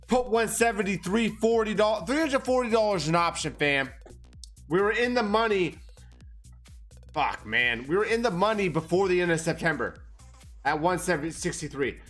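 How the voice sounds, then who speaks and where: Ranting, profane man with a lively voice. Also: high-pitched. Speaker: market commentary streamer. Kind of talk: livestream rant.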